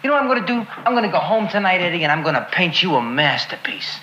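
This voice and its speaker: A man's voice: high-pitched, big pitch swings, quick pace, sharp tone, a little hiss or hum, heavily acted. An actor playing a sarcastic young man who mockingly thanks someone for a lecture. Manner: sarcastic, mock-grateful. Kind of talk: film dialogue. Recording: muffled film audio.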